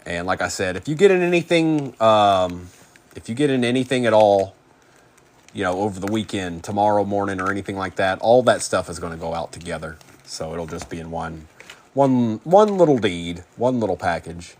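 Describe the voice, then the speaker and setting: Male card-break host, lower pitch, relaxed chatty delivery with quick name rundowns. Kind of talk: casual live card-break commentary.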